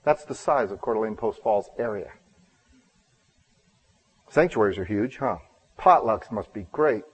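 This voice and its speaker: A man preaching a sermon as a pastor, telling a personal story with acted-out dialogue and self-deprecating asides, with loud emphatic bursts. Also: lowish voice, animated, measured pace, breathy edge, highs cut off.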